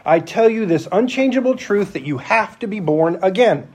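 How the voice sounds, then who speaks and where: Jesus, a solemn teacher stressing a truth, voiced by a man preaching, a little high-pitched. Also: expressive, moderate pace, a little mellow, husky. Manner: earnest, emphatic paraphrase.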